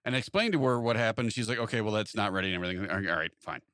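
A man's voice: fairly low pitch, very fast, clear, resonant tone, no room sound, clean studio sound. A man chatting casually, telling a long anecdote and acting out both sides of the conversations in it. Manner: animated anecdote-telling, acts out quoted exchanges. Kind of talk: casual chat.

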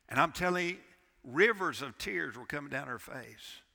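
A man's voice: on the high side, animated, fairly quick, gravelly. A man preaching a fervent sermon in a reverberant church. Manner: impassioned preaching, swinging from loud to hushed. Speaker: pastor. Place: church sanctuary.

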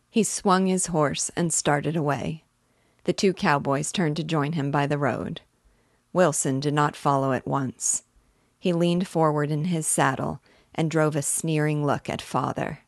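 A woman host reading a novel aloud in a measured, steady way. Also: deep voice, dry recording, clean studio sound. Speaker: reader, host.

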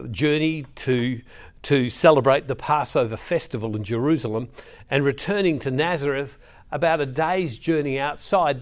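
A middle-aged man preaching, reading scripture and telling a family story with slow, emphatic pauses. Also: medium pitch. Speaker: Catholic preacher.

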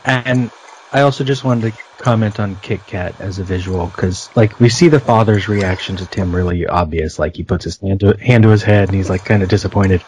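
A man's voice: low-pitched, brisk, darkish tone, slight background noise, rough recording. A man from the United States co-hosting a casual film discussion, analytical and pointing out visual details. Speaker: podcast co-host.

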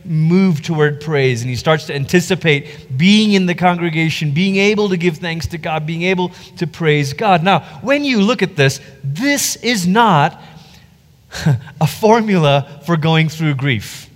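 A man who is a pastor, teaching from the Bible in an animated way. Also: on the high side, a little slow, in a large hall. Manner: animated, acts out quoted voices.

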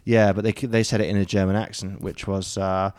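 A man's voice: on the low side, level tone, brisk, a little mellow, dry recording. Man, casual podcast chat, rambling, hesitant delivery, dry close mic. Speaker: podcast co-host. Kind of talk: casual chat over beers.

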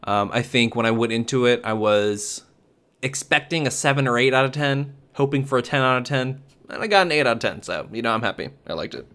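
A man's voice: medium pitch, brisk, fairly bright tone. Chatty man reviewing a movie. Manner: chatty, rambling, lots of fillers and restarts. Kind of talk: casual spoken review.

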